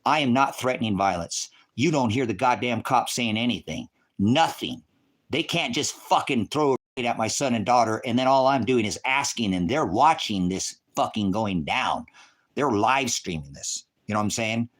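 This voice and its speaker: An angry, distraught man ranting profanely on a livestream, at times shouting. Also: mid-range voice, normal speed.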